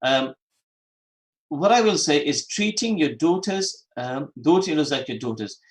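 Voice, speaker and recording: A man's voice: fairly high pitch, expressive, a little slow, rough recording. Man hosting religious radio talk. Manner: repeats phrases for emphasis, mixes in Arabic and Urdu terms. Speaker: radio host.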